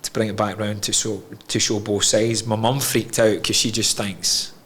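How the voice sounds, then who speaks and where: A man's voice: on the low side, flat delivery, normal speed, a bit bright, a little hiss or hum. A man, a podcast guest telling his own story candidly, frank and emotional, swearing freely.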